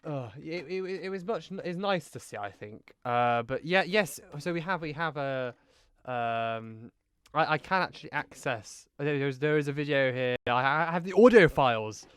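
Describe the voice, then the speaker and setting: A young man co-hosting a casual political chat on the radio. His voice sits a little high and sounds smooth and crisp. The studio mic is close and dry, and he slips in impressions of politicians as he talks. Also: animated, normal speed, no room sound. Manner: chatty, mimics politicians mid-story. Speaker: radio show co-host.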